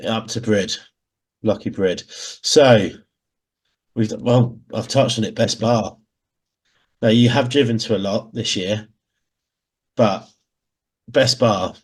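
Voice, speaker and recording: Husky, jokey Midlands podcast man. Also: on the low side, slow, long pauses. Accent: English Midlands. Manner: jokey, banter-filled, laughs often. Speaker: podcast co-host. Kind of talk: casual chat.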